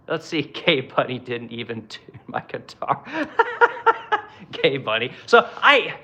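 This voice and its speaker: A man hosting a casual livestream from his workshop, talking bluntly and swearing freely. His voice is bright and forceful, middle in pitch, and he rambles with fillers and keeps asking his viewers "right?". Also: big pitch swings, unhurried. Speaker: livestream host reading comments. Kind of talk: casual political rant.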